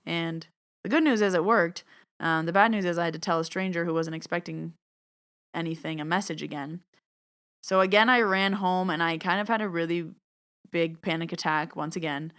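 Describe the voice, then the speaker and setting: A woman hosting her own podcast, telling a personal story in a chatty, animated way and acting out what people said. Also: lowish voice, moderate pace, clear, resonant tone. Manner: chatty, animated, acts out quoted dialogue. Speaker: podcast host and medium. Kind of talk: casual storytelling monologue.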